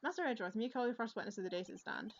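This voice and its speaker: A woman with a Scottish accent voicing a mild, formal older male judge in a measured way, reading game dialogue aloud. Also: on the high side, animated, dull audio.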